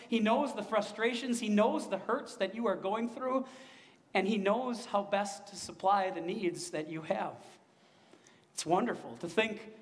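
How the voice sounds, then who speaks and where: A man's voice: high-pitched, big-room sound. A man preaching a sermon in an earnest way, often asking his listeners questions. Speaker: pastor.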